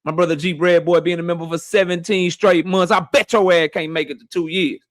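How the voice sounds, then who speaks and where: Slangy man shouting out his live chat. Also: high-pitched, steady tone, a little fast, dry recording, clean studio sound. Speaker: boxing livestream host. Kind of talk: casual livestream chat.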